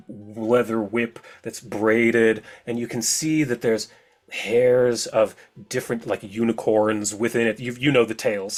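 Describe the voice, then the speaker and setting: Man running a tabletop game. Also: fairly low pitch. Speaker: game master.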